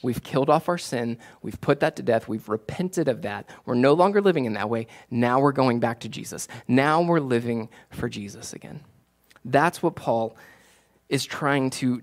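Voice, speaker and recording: A man, preaching a sermon in a conversational way, repeating key phrases and growing animated when he tells stories. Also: medium pitch. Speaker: pastor.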